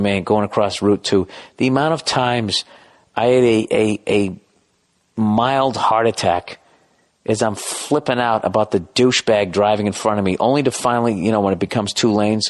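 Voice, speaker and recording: Middle-aged male podcast host, profane and self-deprecating, rambling comic rant. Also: on the low side. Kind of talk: rambling comedic podcast monologue.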